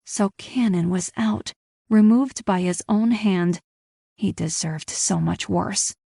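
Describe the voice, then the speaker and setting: A woman's voice: mid-range voice, slow, vocal fry, mellow, slightly rough, no echo, studio quality. A woman reading a first-person audiobook in a tense, clipped storytelling manner. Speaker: audiobook narrator.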